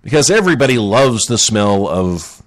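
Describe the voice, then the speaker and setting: A man's voice: on the low side, big pitch swings, normal speed. A man hosting a comedic show, rambling jokily through odd news stories and asking his listeners questions. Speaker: radio show host.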